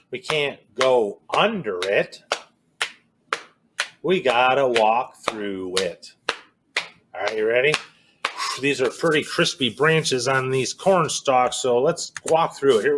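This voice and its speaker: Guy chanting a kids story walk outside, slow and sing-song, noisy background. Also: mid-range voice. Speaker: storyteller for children. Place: outdoors in a cornfield and woods.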